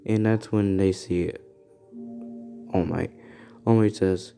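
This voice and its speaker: A man casually narrating an improvised fan story, halting and restarting often. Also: low-pitched, fairly even intonation, creaky, warm tone, faint music behind.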